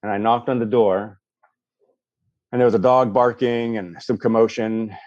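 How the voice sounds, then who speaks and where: Guy telling a story on a podcast, animated, lots of restarts, dry close sound, kinda dull audio. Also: fairly low pitch, moderate pace, dry recording. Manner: animated storyteller, acts out voices, frequent restarts. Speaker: podcast guest. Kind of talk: storytelling in a casual interview.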